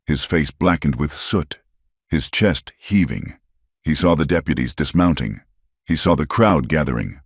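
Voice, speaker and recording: A man's voice: rumbling low, vocal fry, husky, no echo, clean studio sound. A man narrating a western story in a dramatic, scripted way.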